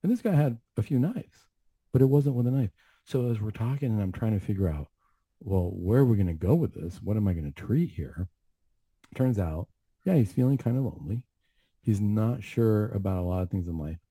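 A man's voice: fairly low pitch, expressive, brisk, mellow, slightly rough, no echo. A man who works as a counselor, giving an earnest, reflective faith testimony on a talk show with many asides. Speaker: mental health counselor.

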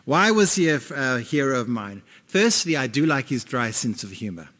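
With big swings in pitch around a medium center, this pastor talks through his sermon at a moderate pace and a fairly bright tone. He questions the congregation conversationally, and the recording carries a long hall reverb.

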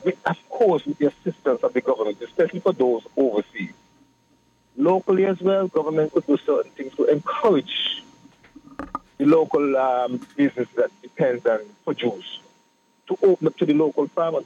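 A man, a political guest explaining his views in a measured way on a radio talk show. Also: fairly high pitch, warm tone. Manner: measured, explanatory, repeats phrases. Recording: muffled radio broadcast with faint hiss.

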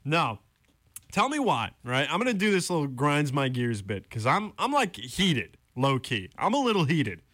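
A young male college radio DJ whose fairly high voice leaps around wildly as he rants. He sounds animated and exasperated, talking close to a studio mic in a very dry booth. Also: moderate pace, dry recording. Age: young adult. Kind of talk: casual on-air rant and song intro.

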